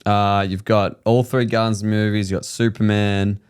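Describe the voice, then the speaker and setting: A man's voice: fairly low pitch, level tone, moderate pace, clear, resonant tone. A man co-hosting a podcast, chatting casually, swearing and reading out movie reviews. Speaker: podcast co-host. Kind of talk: casual chat.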